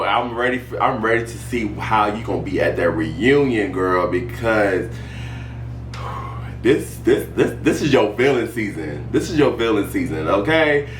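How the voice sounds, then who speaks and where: A sassy man chatting about reality TV, his voice leaping from low to high with emphatic repeats. He sits back from the mic in an echoey room. A faint hum runs underneath. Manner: sassy, animated, emphatic repetition. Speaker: podcast host. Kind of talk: casual reality TV commentary. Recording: roomy echo, distant mic, faint hum.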